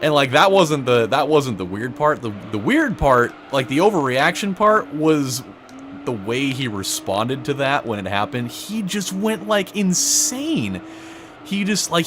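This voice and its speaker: This let's play host has a medium-pitched, fairly bright voice, with a little hiss or hum in the recording. Chatting casually about his racing game, he tells a rambling story heavy on fillers like "like" and "you know."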